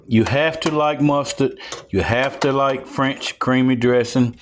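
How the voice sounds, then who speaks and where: A man, casually narrating a home cooking video and chatting straight to viewers with excited whoops. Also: medium pitch, a little slow, background noise. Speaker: home cook showing a recipe. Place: home kitchen.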